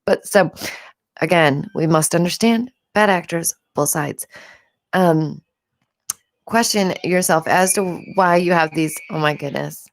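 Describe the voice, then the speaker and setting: A woman's voice: on the low side, a little slow, gravelly. A woman hosting a casual livestream from home, talking in a rambling, chatty way and laughing often. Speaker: livestream host.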